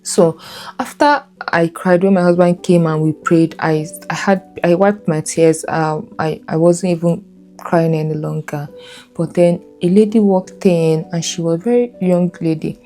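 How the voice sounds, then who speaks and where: A woman's voice: lowish voice, measured pace, mellow, soft background music. A woman telling her own birth story in candid, earnest storytelling, repeating herself as she recalls it.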